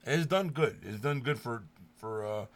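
A man's voice: medium pitch, expressive, unhurried. A man co-hosting a casual podcast, teasing and brash, full of slang. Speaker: podcast co-host. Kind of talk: casual chat.

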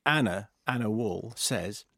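A man's voice: on the low side, animated, a little slow, creaky, fairly bright tone, no room sound. A man co-hosting a radio show, chatting casually in a dry, self-mocking way, drowsy from lack of sleep. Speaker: radio co-host.

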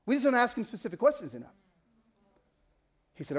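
A middle-aged male pastor preaching a sermon, telling a story and acting out the people in it with lively voices. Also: a little high, brisk, pauses often, breathy edge. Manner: animated, acts out the people in his stories.

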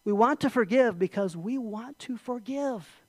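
Pastor preaching, middle pitch, swings from firm emphasis to near-hushed phrase endings, dry sound. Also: animated, measured pace, no room sound. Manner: emphatic, swings from loud declarations to soft near-whispered endings; repetitive, rhetorical questions. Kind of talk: sermon with closing prayer.

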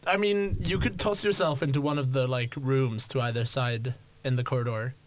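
A man narrating as game master in a tabletop game, relaxed, with many fillers. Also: mid-range voice, moderate pace.

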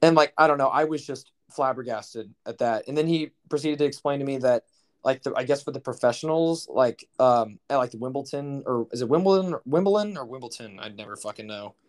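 A man's voice: medium pitch, a little fast. Rambling, swearing young man on a podcast. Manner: rambling, profane, incredulous storytelling. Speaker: podcast co-host. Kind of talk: casual chat.

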